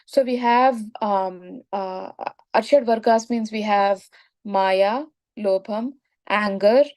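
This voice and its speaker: Speaking slowly in a medium-pitched, slightly mellow voice, a woman teaches a spiritual lesson through a moral story. She explains things and keeps asking "right?" to check in.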